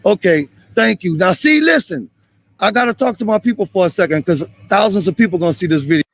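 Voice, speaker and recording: Brief: gravelly, high-voiced New man, heated street confrontation, profane. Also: animated, fast, dry recording. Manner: angry, profane, repeats himself, shouts at times. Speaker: man confronting police on video.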